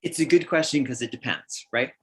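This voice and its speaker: A man's voice: mid-range voice, animated, a little fast, slightly rough. A middle-aged man, a counselor, answering questions on a livestream in a thoughtful way, often restarting and acting out examples. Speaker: counselor guest.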